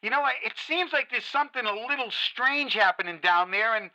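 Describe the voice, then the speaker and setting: A man's voice: very high voice, animated, moderate pace, sharp tone, full character voice. A man playing a soothing radio talk host. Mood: reassuring. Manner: soothing, reassuring, hesitant restarts. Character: calm male late-night radio talk show host. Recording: muffled radio broadcast.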